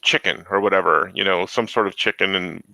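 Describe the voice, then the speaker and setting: A middle-aged man hosting a casual chat, telling stories in an animated way and acting out the people in them. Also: sits low, brisk, gravelly, no echo, poor audio. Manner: animated storyteller, acts out dialogue. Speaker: host.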